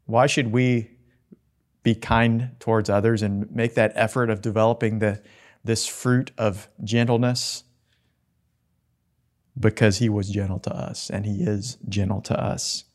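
A man preaching a sermon in an earnest, gentle way, with soft asides. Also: lowish voice, steady tone, a little slow.

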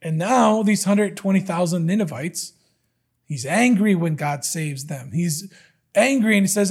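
Husky high-voiced male preacher. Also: animated, unhurried, darkish tone. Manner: earnest, emphatic, repeats key words. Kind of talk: sermon.

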